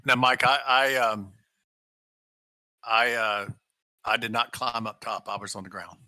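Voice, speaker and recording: A man chatting as a player in a tabletop game, thinking through his turn aloud. His voice is bright and close, with almost no room sound. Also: mid-range voice, steady tone, a little slow, no echo. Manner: plans aloud with fillers and restarts. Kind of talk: casual play talk.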